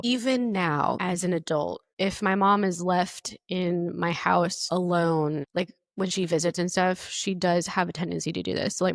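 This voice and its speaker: A woman's voice: lowish voice, no room sound, clean studio sound. A young woman hosting a podcast, reacting bluntly to online posts, swearing freely and laughing often. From United States. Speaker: podcast host. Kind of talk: casual podcast chat reading online posts.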